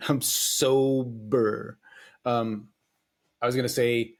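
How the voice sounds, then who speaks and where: A man hosts his own podcast alone, talking loosely and swearing freely. He rambles and stops to restart his sentences. His voice sits at an ordinary middle pitch. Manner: rambling and profane, with frequent hesitations. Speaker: podcast host. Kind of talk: casual solo podcast monologue.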